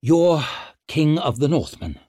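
A proud young commander, as a narrator puts him on, speaking with raised, indignant authority. The voice sits higher and louder than the storyteller's own, clipped and demanding. It has a slightly husky grain, heard close and dry. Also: male voice, very animated, slow pace, no room sound, exaggerated voice. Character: brash young male noble commander, haughty.

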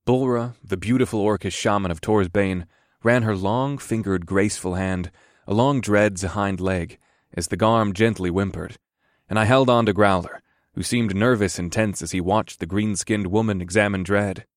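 A man reads a first-person fantasy story with measured, wry delivery. His voice sits low, and the recording is close and dry, with no room around it. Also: no room sound. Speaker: audiobook narrator.

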